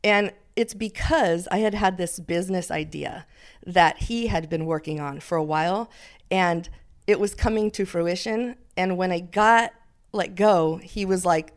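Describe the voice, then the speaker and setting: Middle-aged lady guest on a podcast, a bit low voiced, tells stories with lots of life. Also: measured pace. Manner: animated storyteller, acts out quotes. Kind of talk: casual interview chat.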